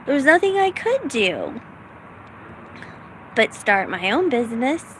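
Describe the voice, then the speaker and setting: A woman's voice: fairly high pitch, sing-song, slow, a bit bright, slight background noise, poor audio. A middle-aged woman from the United States, rambling casually in a self-deprecating vlog with lots of fillers. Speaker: vlogger.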